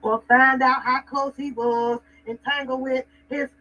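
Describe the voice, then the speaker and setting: A woman talks high and bright as she hosts a stream. She rambles and mocks in a profane way. The sound is dull and comes from off the mic. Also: fairly even intonation, a little slow, far from the mic. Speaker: livestream host. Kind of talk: casual profane rant.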